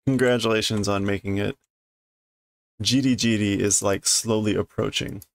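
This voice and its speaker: A man reading a comic aloud and translating it as he goes, thinking aloud with halting restarts and fillers. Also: lowish voice, fairly even intonation, gravelly. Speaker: Japanese learner reading a comic on stream.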